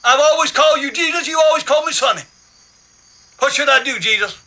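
An actor playing a middle-aged preacher who pleads and shouts in prayer, in a film clip. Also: male voice, very high voice, quick pace, heavily acted, poor audio. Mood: anguished. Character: anguished preacher man shouting at God. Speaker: film character.

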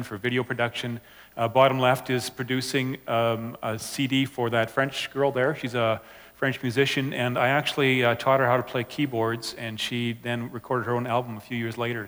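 A man's voice: medium pitch, a bit bright. Man, missionary slide talk, casual, hesitant, ums and uhs, echoey hall. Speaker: missionary presenter. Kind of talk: slide presentation to a church audience. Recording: reverberant hall.

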